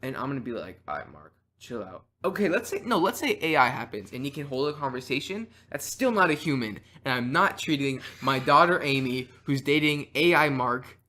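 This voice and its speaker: A man's voice: medium pitch, lively intonation, a little fast, few pauses, pushed and bright. A teenage boy hosting a casual podcast chat, playful and argumentative, rambling through hypotheticals. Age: teens. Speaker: podcast host.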